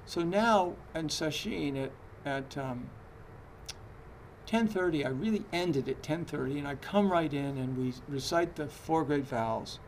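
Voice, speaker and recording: A Zen teacher gives a dharma talk in a conversational, hesitant manner, full of fillers and restarts. His voice is a little high and a little slow, with slight hiss or hum in the recording.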